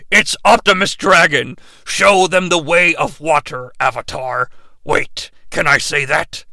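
A man doing a hushed, pompous dragon god. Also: on the high side, measured pace, creaky, no echo, studio quality, voice pushed down, full character voice. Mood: solemn, fussy. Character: pompous male dragon god, fussy and bureaucratic.

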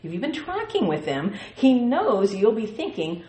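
A woman's voice: medium pitch, wildly swooping pitch, normal speed, dark tone. A woman teaching a Bible study in a playful way, with laughing asides and her own sound effects. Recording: echoey room.

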